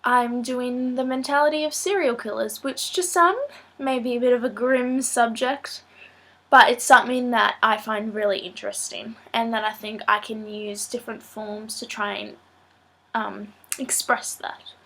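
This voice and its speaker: A woman's voice: fairly high pitch, steady tone, normal speed, a bit bright. Nasal, stuffy-nosed teenage girl. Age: late teens. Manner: chatty and rambling, many ums. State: blocked nose, sore throat. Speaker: student vlogger. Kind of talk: casual vlog talk to camera.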